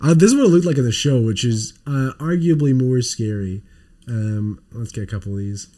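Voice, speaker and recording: A man's voice: mid-range voice, brisk, dark tone. A man co-hosting a livestream podcast, rambling casually and swearing while showing off toys. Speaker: podcast co-host.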